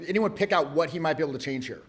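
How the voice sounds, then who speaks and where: A man's voice: a little high, lively intonation, racing, a bit bright. A man coaching a live workshop on voice and presence, talking bluntly and casually, with frequent swearing. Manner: blunt, profane, conversational.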